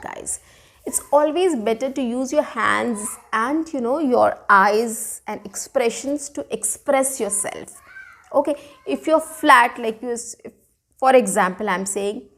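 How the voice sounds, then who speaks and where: A woman's voice: on the high side, unhurried. A woman teaches spoken straight to camera. She smiles and talks expressively. She keeps checking in with "okay" and "you know.". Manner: frequent "okay" and "you know" fillers, demonstrates intonation with example sentences; smiling and expressive while speaking. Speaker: English teacher. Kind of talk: speaking lesson to camera.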